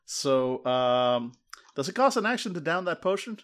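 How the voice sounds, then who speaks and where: A man's voice: a little high, big pitch swings, normal speed, fairly bright tone. A man playing a tabletop role-playing game, blunt and eager for combat. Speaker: player.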